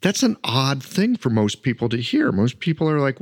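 A man hosting a conversational interview, relaxed and chatty. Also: medium pitch, normal speed, hardly any pauses. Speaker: podcast host.

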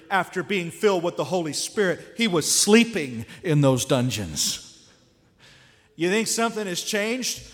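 Male preacher, conversational sermon with rhetorical questions, unhurried delivery. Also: high voice, fairly bright tone, big-room sound.

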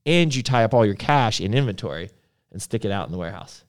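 A man's voice: lowish voice, expressive, quick pace. A man co-hosting a casual live show, telling long stories with lots of fillers. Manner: rambling storyteller with many fillers. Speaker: podcast co-host. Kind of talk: casual chat.

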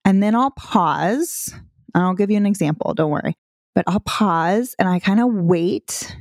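A woman's voice: medium pitch, lively intonation, measured pace, a little mellow, no echo, clean studio sound. A woman in her thirties, a parenting coach hosting her podcast, talking in a playful, chatty way and laughing easily. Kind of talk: casual instructional talk.

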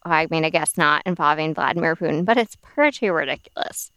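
A woman's voice: deep voice, brisk, a bit bright, smooth, dry recording. A woman co-hosting a casual podcast and presenting drinks news, a little tipsy from wine and talking in a chatty, filler-filled way. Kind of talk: casual chat.

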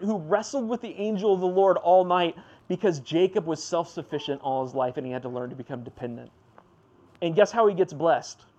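A man preaching a sermon in a conversational way, with fillers and asides to the congregation, swinging between loud emphatic bursts and low hushed passages. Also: lo-fi sound.

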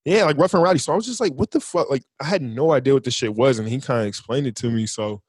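A man hosting a loose podcast chat, cursing casually and cutting in with exclamations. His voice is husky and a bit raspy at a middling pitch. The sound is close and dry. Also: rapid-fire, darkish tone, dry recording. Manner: loose, profane, interjects with exclamations. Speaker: podcast host.

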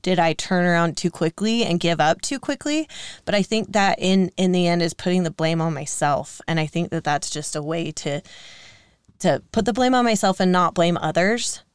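A woman in her thirties, co-hosting a podcast, telling a personal story candidly, earnest and quick to turn emotional. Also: lowish voice, clear, resonant tone, no room sound, clean studio sound. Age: 30s. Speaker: podcast co-host.

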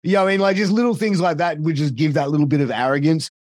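An Australian wrestling commentator, appearing as a podcast guest, tells fast stories in casual chat, swearing freely and piling on fillers. His voice is on the high side and a little mellow. The studio-quality recording has no echo.

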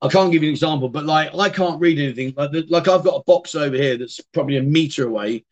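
A middle-aged British man hosts a casual livestream from his home streaming room, reading viewer comments and chatting loosely, often trailing off and restarting sentences. His voice is on the high side and quick-paced, and the sound is lo-fi.

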